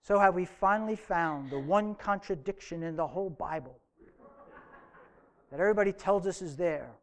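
A man's voice: sits high, normal speed. A man preaching a sermon to his church, earnest, stretching out key phrases for emphasis. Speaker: pastor.

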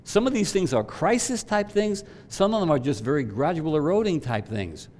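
A man preaching a sermon, swelling to loud emphatic peaks and dropping to quiet asides. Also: on the high side, very animated, moderate pace. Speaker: pastor.

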